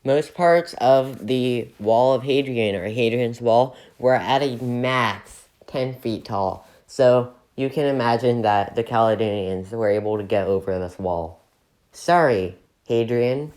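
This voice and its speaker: A man hosting a comedic history video, narrating with jokey, deadpan asides. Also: mid-range voice, a little slow. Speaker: video host.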